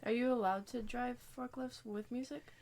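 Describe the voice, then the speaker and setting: Gravelly voice, brief casual replies. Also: medium pitch, steady tone, normal speed, a little mellow. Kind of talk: casual chat.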